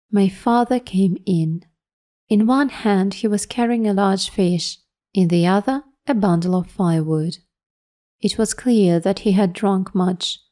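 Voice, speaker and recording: A woman narrating a short story in a clear, measured way for learners. Her voice is mellow and warm, at an ordinary pitch.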